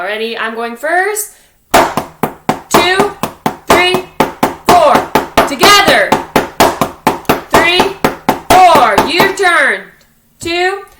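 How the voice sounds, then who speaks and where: A woman's voice: on the high side, fairly bright tone, echoey room. A woman teaching a drum lesson to young students, counting aloud and encouraging them step by step. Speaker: music teacher. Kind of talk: online drum lesson for children. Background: drumstick clicks on a practice pad.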